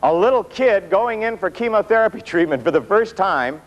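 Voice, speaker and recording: A man giving a motivational workshop talk to an audience in a room, telling stories with self-mocking humor and dramatic pauses. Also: high-pitched, expressive, dull audio. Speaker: motivational speaker.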